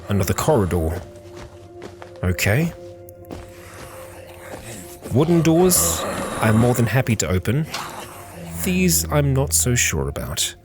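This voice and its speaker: A man narrating a game playthrough as host, talking calmly and musing aloud to his character. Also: mid-range voice. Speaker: let's play host.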